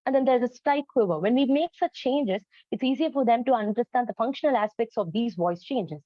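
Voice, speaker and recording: In a fairly high voice with lively intonation, a woman briskly presents an educational talk about storytelling for autistic children. Earnest and explanatory, she uses frequent ums and uhs. The recording is dry, dull and lo-fi.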